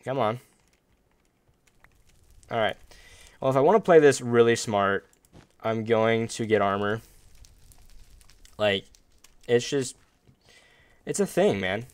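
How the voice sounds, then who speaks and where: A man's voice: mid-range voice, animated, slow, pauses often, smooth, dry recording. Upbeat man giving casual gameplay commentary. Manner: upbeat, chatty, jumps to loud outbursts and playful groans. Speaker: gaming video host.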